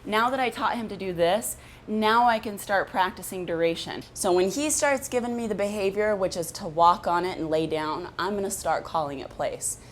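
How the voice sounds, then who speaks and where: Dog trainer, woman, middle-pitched, plain explaining delivery, light background noise. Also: normal speed. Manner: explains plainly, then switches to a high, gushing praise voice for the dog. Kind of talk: instructional dog training vlog.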